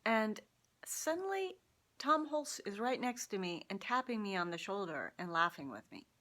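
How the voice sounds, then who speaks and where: A woman vlogger telling a personal story to camera in a casual, animated way, laughing often as she talks. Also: medium pitch, normal speed. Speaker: vlogger sharing personal insights. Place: Seattle.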